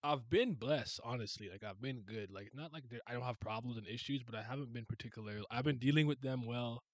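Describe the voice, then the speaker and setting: A man's voice: medium pitch, quick pace, no room sound. A man hosting a casual reaction to a new manga chapter, talking straight to his viewers in loose slang and reading bits aloud, with a handheld mic held close. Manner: casual, excitable, talks to the audience with slang. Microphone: handheld mic on a swing arm, held close.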